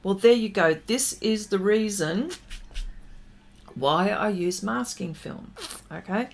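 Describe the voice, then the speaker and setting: A woman's voice: mid-range voice, takes it slowly, vocal fry, slight background noise. A woman artist chatting casually with viewers during a livestream pastel demonstration, greeting them and laughing often.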